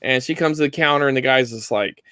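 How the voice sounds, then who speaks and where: A man in his thirties on a video call, telling a funny work story in a casual, animated way. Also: fast, smooth, no echo. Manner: animated storyteller, jumps into high voices for quotes. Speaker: guest on live vinyl chat. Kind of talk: casual anecdote on a live stream.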